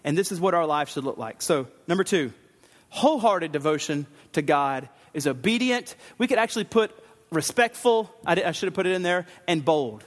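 High-voiced preacher in a reverberant hall. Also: male voice, moderate pace. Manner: animated, acts out Bible figures' lines. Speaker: pastor. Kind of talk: sermon.

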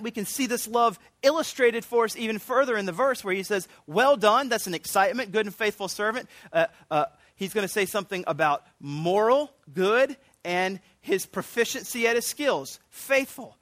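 A man preaching a sermon, animated and earnest, often restarting his sentences. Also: high-pitched, no room sound, clean studio sound. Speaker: pastor.

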